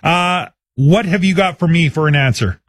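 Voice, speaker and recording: A man's voice: a little high, normal speed, breathy edge, no room sound, clean studio sound. A man hosting a live call-in radio quiz show, chatty and upbeat, taking listener guesses. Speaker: radio talk show host.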